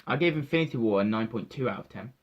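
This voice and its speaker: A young man, giving an emotional, halting spoiler review of a film that often repeats itself. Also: medium pitch, expressive. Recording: dull lo-fi sound.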